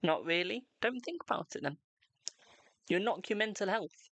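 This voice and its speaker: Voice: mid-range voice, lively intonation, normal speed, fairly bright tone, no room sound. A host giving live-streamed tarot readings in a chatty, reassuring way, calling viewers darling.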